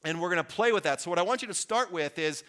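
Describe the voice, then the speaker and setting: Male workshop speaker, earnest and chatty with the room, bright, a touch high. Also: lively intonation, quick pace, clear, resonant tone. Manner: earnest, conversational, restarts and asides to the audience. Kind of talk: motivational talk to a live audience. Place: event venue before an audience.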